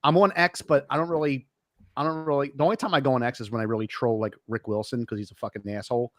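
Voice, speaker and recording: A man's voice: medium pitch, fairly even intonation, quick pace, fairly bright tone, dry recording, clean studio sound. A man on a podcast as a guest, telling rambling, profane stories in casual chat. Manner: rambling storyteller, swears freely.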